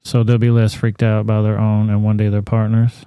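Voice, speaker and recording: A man's voice: lowish voice, completely flat delivery, moderate pace, clean tone, no echo, dull audio. A man, hosting a podcast and giving blunt, profane commentary on news stories. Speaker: podcast host. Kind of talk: casual chat, reading news.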